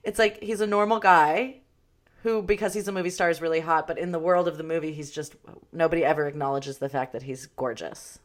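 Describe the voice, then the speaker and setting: A woman co-hosting a podcast in casual chat, animated and swearing freely. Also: low-pitched, fast, hardly any pauses. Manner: animated, swears freely, reads quotes aloud. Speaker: podcast co-host.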